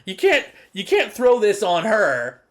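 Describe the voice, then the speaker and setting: A man co-hosting a podcast, recapping an old episode in casual chat, swearing and mocking characters with quick put-on voices. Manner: profane, animated, mocking quotes in high put-on voices. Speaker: podcast co-host.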